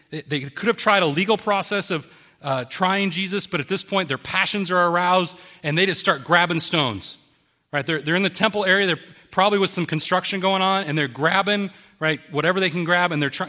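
A man's voice: sits high, a little fast, pushed and bright, in a large hall. A man preaching a sermon, reading scripture aloud and then explaining it in a conversational, emphatic way. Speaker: pastor.

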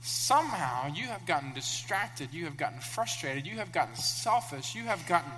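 A man preaching a sermon, animated, acting out the characters in sudden loud high bursts. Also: moderate pace. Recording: long echo of a large room, faint hum.

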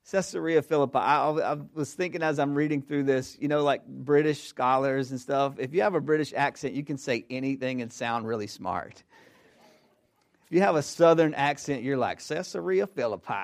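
A man preaching a sermon as pastor, emphatic and conversational, building phrases through repetition and repeating words as he restarts. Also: a little high.

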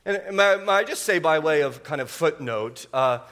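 A pastor delivering a sermon with a slightly higher voice than most men. He talks conversationally and keeps turning to the congregation with rhetorical questions. His phrases often stop and start again. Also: lively intonation, normal speed, fairly bright tone. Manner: conversational preaching with rhetorical questions and frequent restarts.

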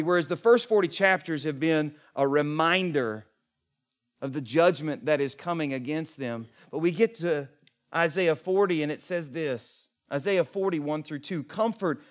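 A middle-aged male pastor delivering a sermon in a fairly high voice. He is impassioned, rising to loud, emphatic peaks and dropping to soft, hushed lines.

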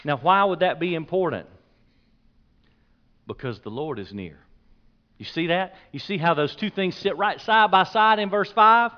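A man preaching a sermon as pastor, emphatic, repeating key points and dropping his voice low on the words he stresses. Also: normal speed, few pauses, clear, resonant tone, dull audio.

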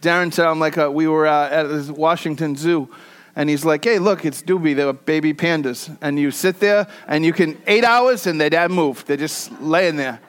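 A pastor preaching a conversational sermon, mixing scripture with joking personal stories and swinging between loud and soft. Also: male voice, on the high side, normal speed, clear, resonant tone.

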